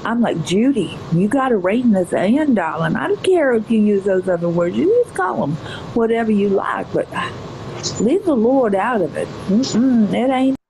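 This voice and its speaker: A woman's voice: fairly high pitch, animated, mellow, a little hiss or hum, rough recording. A woman putting on a prim, pious church lady with a put-on Southern drawl, scolding and humming "mm-hmm". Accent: put-on American Southern. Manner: slow drawl, scolding, sing-song "mm-hmm"s. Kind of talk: mocking impression on a live stream.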